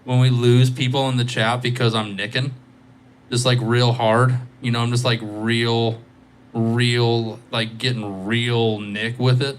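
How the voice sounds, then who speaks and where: A man's voice: mid-range voice, little pitch movement, unhurried, a little hiss or hum. A tired man rambling and joking with his viewers as he hosts a casual live guitar stream on a microphone. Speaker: livestreaming guitarist.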